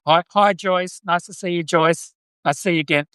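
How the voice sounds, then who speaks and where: Joking Australian man, fairly high voice. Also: moderate pace, fairly bright tone, clean tone, no echo. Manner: joking, chatty, many restarts, reads viewer comments aloud. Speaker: podcast host. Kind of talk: casual live-stream chat.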